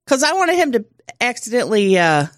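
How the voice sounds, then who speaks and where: A woman co-hosting a casual podcast, telling an animated story and laughing often. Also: fairly high pitch, brisk, no room sound, clean studio sound. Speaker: podcast co-host.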